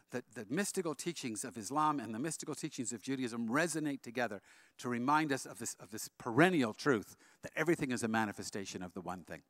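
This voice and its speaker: Male speaker, mid pitch, smooth tone, close dry sound; storyteller at an interfaith talk. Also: no echo. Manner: leads the audience in slow sung chant, then tells a story in a quick, animated way. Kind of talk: storytelling talk with sung chant.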